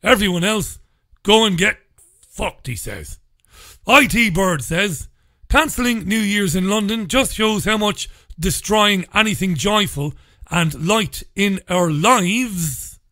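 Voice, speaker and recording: Sardonic male radio host, bright tone. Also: high voice, dry recording, clean studio sound. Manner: sardonic, blunt and profane. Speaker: radio talk show host. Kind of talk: casual solo radio chat reading listener comments.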